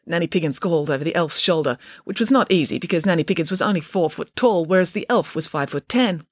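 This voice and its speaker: A woman's voice: lowish voice, quick pace, few pauses, dry recording. A woman, the author, reading her own comic children's story aloud in a dry, wry manner.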